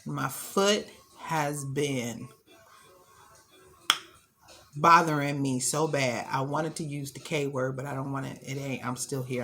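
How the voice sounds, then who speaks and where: Speaking in a low-pitched, fairly bright voice over slight background noise, this young woman chats openly with her vlog audience. Her talk is loose and full of y'all, and it moves from her home to a gym.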